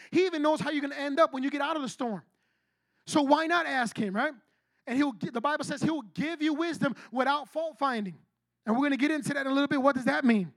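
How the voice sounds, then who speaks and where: A man with a strikingly high voice preaches in a casual, animated way. He talks to the room like a friend, piling on asides and repeating himself for emphasis. The sound is dry and close, with no room echo. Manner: animated, conversational, repeats "I kid you not". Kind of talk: sermon with personal story.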